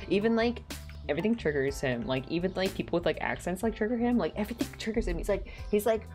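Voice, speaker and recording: A woman's voice: mid-range voice, animated, fast talker, darkish tone, soft background music. A woman streamer chatting casually at home while gaming, rambling with lots of "like" and getting heated when something annoys her. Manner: rambling, heavy use of "like".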